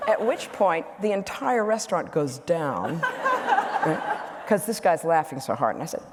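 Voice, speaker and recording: Wry woman telling a lively story. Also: fairly low pitch, measured pace. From Boston, USA. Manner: wry, animated storyteller who laughs often. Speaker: guest speaker. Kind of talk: humorous anecdote. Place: event hall. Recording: echoey hall, faint hiss.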